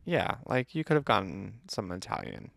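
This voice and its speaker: Gravelly low-voiced man, casual podcast chat. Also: wildly swooping pitch, normal speed, fairly bright tone, dry recording, clean studio sound. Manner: playful, teasing, lots of fillers. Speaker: podcast co-host. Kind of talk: casual movie review chat.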